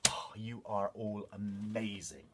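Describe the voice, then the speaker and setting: A man's voice: fairly low pitch, slow pace, a little hiss or hum. A man presenting a children's music lesson, talking straight to the young class in a playful, encouraging way.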